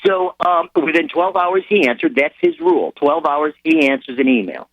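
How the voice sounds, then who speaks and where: A man's voice: fairly high pitch, animated, brisk, no echo, muffled recording. A middle-aged man, a sergeant who is a guest on a radio interview, telling rambling anecdotes with frequent restarts. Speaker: military sergeant and charity founder as a guest.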